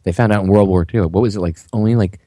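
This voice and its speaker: A man's voice: fairly low pitch, fast, warm tone, no echo, clean studio sound. A man hosting a radio talk show, chatting casually about politics with blunt, wry asides.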